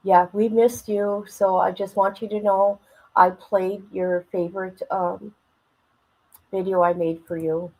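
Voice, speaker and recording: Gravelly, emotional woman livestreaming. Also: medium pitch, level tone, unhurried, darkish tone, poor audio. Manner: rambling, emotional, talks to chat. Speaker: livestream host. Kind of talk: casual livestream chat. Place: at home. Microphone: phone.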